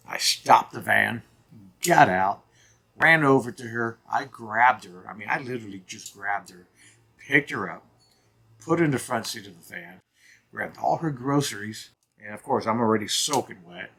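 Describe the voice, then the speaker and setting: Vlog host, man in his 50s, husky voice, earnest and emphatic storyteller. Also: fairly low pitch, fairly bright tone. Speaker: channel host.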